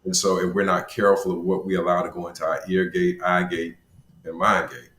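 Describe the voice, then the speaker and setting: A male guest doctor on a talk panel, explaining in a measured, preacherly way with church terms. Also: low voice, flat delivery, a bit bright. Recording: roomy echo.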